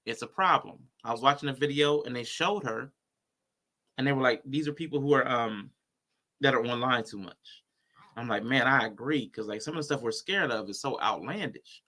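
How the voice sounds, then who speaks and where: A man co-hosting a casual livestream, animated and joking as he talks to his chat. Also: medium pitch. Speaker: livestream co-host.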